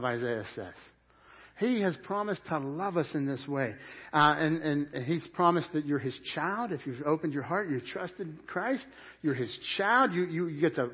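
A man delivering a church sermon in a fairly high voice, rising to loud emphatic peaks and dropping to hushed, intense stretches. The recording is muffled and lo-fi. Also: breathy edge. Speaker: pastor. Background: church congregation.

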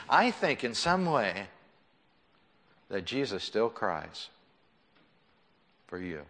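A male pastor preaching an impassioned sermon in a church, swinging between loud pleading and hushed, soft tones. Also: mid-range voice, lively intonation, a little slow, pauses often. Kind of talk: sermon with altar call. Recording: long church reverb.

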